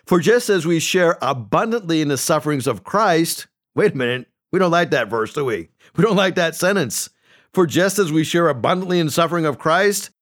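A man preaching a sermon, slowing down to read scripture and lifting his voice for emphasis. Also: fairly high pitch, fairly bright tone. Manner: preaching with emphatic rises and slowed scripture readings. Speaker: pastor.

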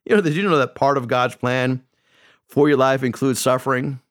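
A man preaching a sermon, slowing down to read scripture and lifting his voice for emphasis. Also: medium pitch. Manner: preaching with emphatic rises and slowed scripture readings. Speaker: pastor.

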